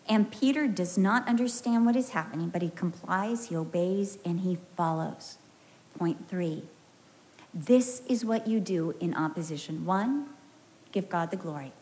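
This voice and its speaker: A woman's voice: mid-range voice, a little mellow. An American woman preaching a sermon in an emphatic, storytelling way with humorous asides. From United States.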